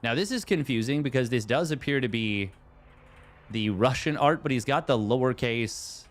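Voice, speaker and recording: Canadian man, mid-pitched, easygoing game caster who chats with viewers. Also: moderate pace. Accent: Canadian English. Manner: relaxed, chatty, answers viewers aloud. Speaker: tournament caster. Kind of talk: casual live commentary and chat reading.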